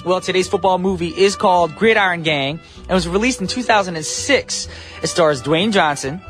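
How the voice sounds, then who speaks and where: A young man hosts a morning radio show from the studio in a bright, upbeat, joking way. His voice sits high for a man. Soft music plays faintly under his talk. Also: a little fast. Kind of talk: casual radio hosting.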